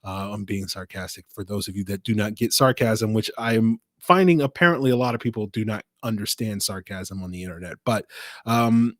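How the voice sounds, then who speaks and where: A man's voice: mid-range voice, dry recording. A man hosting a solo sports podcast, talking through his analysis in a conversational way with plenty of fillers and some dry sarcasm. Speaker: podcast host.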